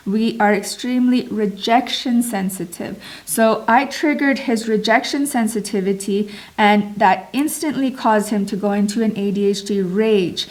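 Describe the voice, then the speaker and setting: Woman, mom vlogger, earnest and expressive storytelling, slightly higher voice. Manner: earnest, expressive, drawn-out emphasis. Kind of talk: personal vlog storytelling.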